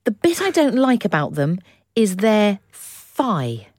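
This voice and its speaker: A woman co-hosting a comedy podcast, chatting playfully and teasing with drawn-out emphasis. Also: mid-range voice, wildly swooping pitch, a little mellow, dry recording, studio quality. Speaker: podcast co-host. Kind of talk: comedic casual chat.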